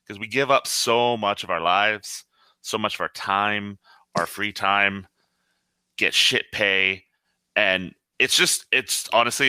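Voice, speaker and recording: A low-voiced man with a bright, clean, ringing tone talks shop like a veteran line cook. He rambles, swears freely and speaks bluntly in a relaxed podcast chat. The sound is dry and close. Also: clear, resonant tone, no echo.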